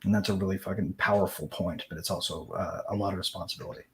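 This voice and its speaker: A man's voice: deep voice, steady tone, fast talker. A male host wrapping up a casual show with loose, punchy talk and some swearing. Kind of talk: casual podcast hosting.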